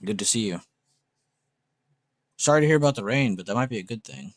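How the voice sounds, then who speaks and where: A man's voice: lowish voice, lively intonation, a little fast, no room sound. A man hosting a casual livestream, chatting loosely with viewers and joking around, swearing now and then. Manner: loose, joking, swears casually, laughs at his own jokes. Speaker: livestream host. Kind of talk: casual livestream chat reading viewer comments.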